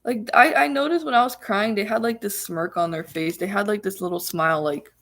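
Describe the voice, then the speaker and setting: A woman's voice: mid-range voice, brisk, a bit bright. A young woman vlogger casually telling viewers a personal story, chatty and full of restarts and laughter.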